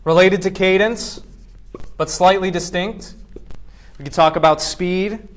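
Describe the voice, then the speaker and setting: A male professor giving a classroom lecture, firing quick questions at his students and acting out voices to make his points. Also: high voice, steady tone. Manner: acts out voices to demonstrate points.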